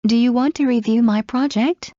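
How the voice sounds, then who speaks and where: A woman's voice: fairly high pitch, warm tone, dry recording. Woman reading phrases, dull lo-fi sound. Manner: clear, measured, evenly paced reading. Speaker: English phrase reader. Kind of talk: slow read-aloud phrase drills. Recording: dull lo-fi recording.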